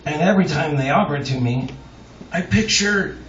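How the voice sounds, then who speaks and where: A man's voice: on the high side, lively intonation, normal speed, a bit bright. A man, a singer-songwriter, telling a long, rambling, self-mocking story to a live audience, chuckling as he goes. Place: live music club on stage. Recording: roomy, dull, distant audience recording. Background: audience laughter and crowd noise.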